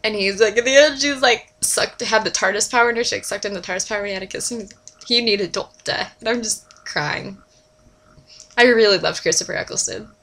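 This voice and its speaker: A young woman chatting casually to her camera as a fan, gushing and animated, dropping to whispers and jumping to squeals. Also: medium pitch, fast talker. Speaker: vlogger.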